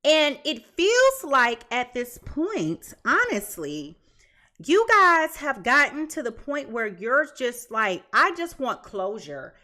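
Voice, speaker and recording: A woman's voice: high-pitched, sing-song, takes it slowly, bright, forceful tone. A woman giving a casual tarot reading to viewers, emphatic and chatty, stacking repeated phrases and restarting often. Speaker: tarot reader.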